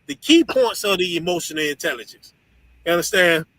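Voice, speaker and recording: A man's voice: high-pitched, animated, a little fast, fairly bright tone, no room sound, low-quality recording. A man leading a group discussion as its teacher, lecturing bluntly with profanity and often asking "you understand?". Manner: blunt, profane and scolding, laughs between points. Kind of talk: preachy lecture to an online audience.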